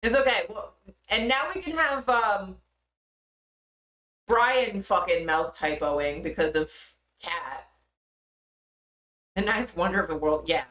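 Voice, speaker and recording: A woman's voice: medium pitch, slow, long pauses, a bit bright, roomy sound. A young woman streaming live, chatting casually and swearing freely as she laughs at herself.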